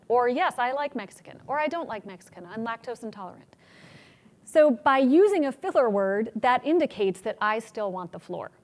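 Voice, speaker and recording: Energetic woman teaching public speaking. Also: on the high side. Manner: energetic, demonstrates examples in changed voices. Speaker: workshop presenter on public speaking. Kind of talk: teaching a conference workshop.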